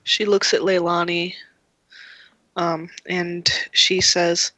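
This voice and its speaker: A woman game master narrates the scene at an unhurried pace. Her voice is bright and forceful. The recording is dry and close. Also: fairly low pitch, flat delivery, dry recording, rough recording. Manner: measured, descriptive.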